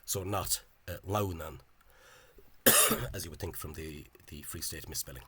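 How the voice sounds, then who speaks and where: A man giving an informal spoken lecture over on-screen examples. He talks in a halting, hesitant way and is openly scornful of the official spelling. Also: rumbling low, pushed and bright, slightly rough. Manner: hesitant and halting, with frequent pauses and restarts. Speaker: language enthusiast presenting a video lecture.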